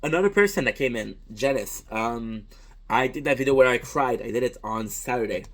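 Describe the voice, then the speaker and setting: A man of middling pitch, a native French speaker, talks directly to his audience as a content creator and streamer in a casual, reflective monologue. His lively intonation and fairly quick delivery carry earnest, rambling talk with frequent restarts and casual swearing.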